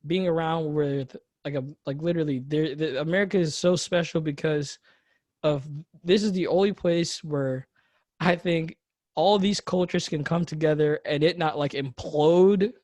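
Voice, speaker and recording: A man's voice: on the high side, normal speed, a little mellow, dry recording. A young man hosting a casual podcast conversation, rambling with lots of fillers and restarts. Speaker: podcast host.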